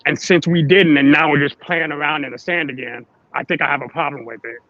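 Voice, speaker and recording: A man's voice: on the high side, fairly even intonation, fairly quick, sharp tone. Blunt man on a lo-fi stream. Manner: blunt, plain-spoken. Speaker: show co-host. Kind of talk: casual live stream chat.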